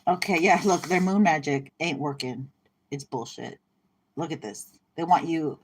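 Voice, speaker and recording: A woman's voice: fairly low pitch, expressive, normal speed, darkish tone. A woman giving a casual, chatty tarot reading in an irreverent manner, often laughing. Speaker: tarot reader. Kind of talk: casual spiritual card reading.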